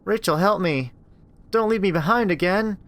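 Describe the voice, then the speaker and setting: A man putting on a high girlish monster voice. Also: moderate pace, lightly acted. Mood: pleading. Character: monster mimicking a frightened little girl, turning vicious.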